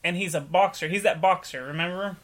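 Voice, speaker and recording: A man co-hosting a casual podcast chat, telling a story with lively acted-out quotes. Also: high-pitched, brisk. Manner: animated storytelling, acts out quotes. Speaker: podcast co-host.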